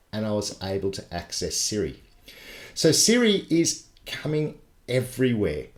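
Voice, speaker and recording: A man's voice: medium pitch, darkish tone. A man running a live tech tutorial webinar, explaining things step by step in a chatty way. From Australia. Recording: echoey live broadcast.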